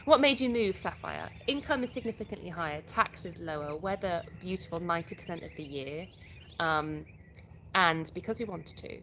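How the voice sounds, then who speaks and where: A woman's voice: fairly low pitch, animated, moderate pace, pushed and bright, a little hiss or hum. A woman with an English accent hosting a casual live stream, reading out viewer comments and answering them in a chatty way, often restarting her sentences. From England. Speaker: livestream host.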